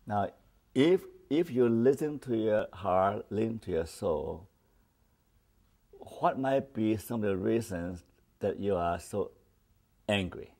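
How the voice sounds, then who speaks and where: A male therapist leads a demonstration session with gentle, probing questions, often pausing to find his words. His voice is low, gravelly and somewhat husky, with a lively rise and fall in pitch.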